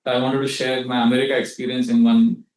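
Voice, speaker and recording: The voice here is medium-pitched, fast, and darkish, with little pitch movement and slight background noise, recorded from afar in an echoey hall. He's a spiritual teacher with an Indian accent who delivers a scriptural lecture using anecdotes, acted-out quotes, and a mix of Hindi.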